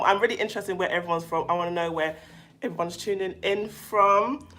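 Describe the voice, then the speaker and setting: A woman hosts a casual livestream about narcissistic abuse, talking to viewers with plenty of fillers and restarts and reading their comments as she goes. Her mid-range voice is a bit bright, and she speaks fairly quickly.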